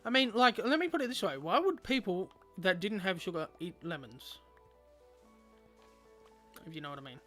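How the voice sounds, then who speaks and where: A man's voice: sits high, expressive, normal speed, long pauses, fairly bright tone, faint music behind. A man streaming a game, chatting casually with viewers and rambling aloud with lots of fillers.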